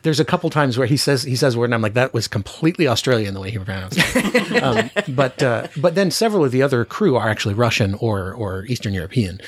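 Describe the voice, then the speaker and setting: A man's voice: medium pitch, lively intonation, fast, breathy edge, no room sound. A man hosting a podcast, chatting casually about a film with frequent fillers and restarts. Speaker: podcast host.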